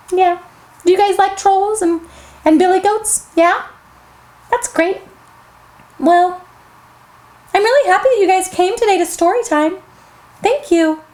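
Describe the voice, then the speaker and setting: High-voiced woman reading to kids. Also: unhurried, pauses often. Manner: gentle, animated, talks to kids directly. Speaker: children's storyteller.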